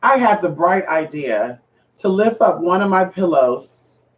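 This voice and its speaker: A sassy man with a high voice chats to his viewers about his spiritual readings. He swears freely and keeps breaking into loud exclamations. He sounds a little far from the mic, on a dull lo-fi recording. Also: expressive, unhurried, noisy background. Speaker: spiritual reader and vlogger. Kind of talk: casual chat to viewers.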